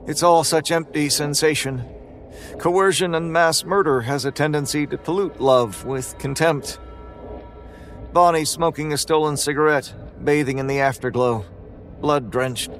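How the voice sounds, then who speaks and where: A man narrating a first-person horror story in a flat, weary, grim manner. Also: fairly high pitch, a little slow, soft background music.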